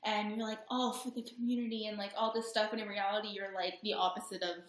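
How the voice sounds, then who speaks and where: A woman's voice: medium pitch, level tone, fast, reverberant. A young woman co-hosting an astrology chat, talking casually and laughing as she acts out little voices. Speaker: astrology podcast co-host. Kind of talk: casual chat, joking chart reading.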